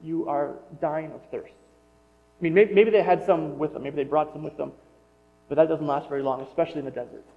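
A middle-aged man preaches in a relaxed, conversational manner, often restarting his sentences as he thinks aloud. His voice sits a little high, and it rings with a long hall reverb. The recording sounds slightly dull and muffled. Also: brisk, creaky. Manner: conversational, self-correcting, wonders aloud. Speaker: pastor. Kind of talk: sermon.

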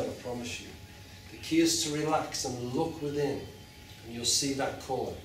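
A man leads a live group through a guided chakra meditation, talking in slow, soothing instructions and drawing out long chanted tones. He is picked up from far off in a large, very echoey room. A faint hiss of noise sits under his voice. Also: mid-range voice, sharp tone. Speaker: meditation teacher.

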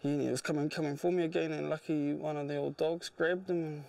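Low-key gravelly hunter. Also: male voice, steady tone, fast talker, mellow, no room sound, far from the mic. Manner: plain, understated. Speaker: pig hunter.

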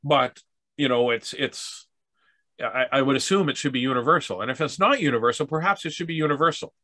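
A Canadian man tells a humorous story in a loose, rambling way, restarting his sentences and acting out what each person said. His voice is bright and forward. It is recorded dry and close, with no room sound. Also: medium pitch, brisk, no echo. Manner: rambling, with restarts and acted-out dialogue. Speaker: speaker telling stories about accessibility. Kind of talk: casual storytelling talk.

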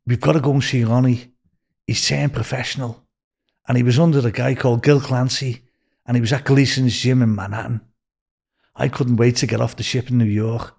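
Animated older Liverpool man telling stories. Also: medium pitch, creaky, slightly rough. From Liverpool, England. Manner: animated, swears freely, acts out voices in stories. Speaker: podcast guest. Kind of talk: storytelling interview.

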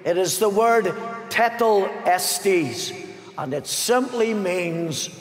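An older man with a Northern Irish accent, a pastor preaching a sermon with slow, dramatic phrasing, long pauses and some half-sung lines, recorded in a large arena. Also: high voice. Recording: echoey arena with long reverb.

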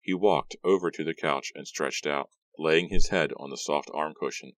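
A man narrating an audiobook in a steady, measured way. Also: a bass voice, no room sound. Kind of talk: scripted narration.

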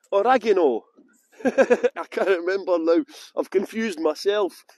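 A man's voice: high-pitched, darkish tone, no echo. A Scottish man giving a live-streamed tour outdoors on a windy hilltop, chatting with viewers and laughing often. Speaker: tour guide. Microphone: good external microphone.

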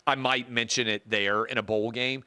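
A middle-aged man hosts his own show, riffing through an opinionated commentary monologue in a loose, off-the-cuff way. His voice is bright and forceful. The sound is dry and close, with no room around it. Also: medium pitch, steady tone, normal speed, clean tone, no echo. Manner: casual, opinionated, talks off the cuff. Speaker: show host.

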